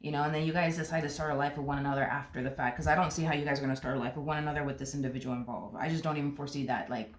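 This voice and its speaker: A woman's voice: low voice, steady tone, rapid-fire, hardly any pauses. A woman giving a casual tarot reading, blunt and emphatic, repeating her points and swearing freely. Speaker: tarot reader. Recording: roomy echo.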